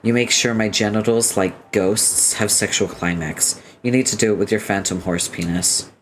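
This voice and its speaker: Guy reading a crude flat troll girl, slow and low, bit of music behind. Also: close to an everyday voice. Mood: deadpan lewd. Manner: slow, flat, blunt lewd come-ons. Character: crude deadpan young female troll.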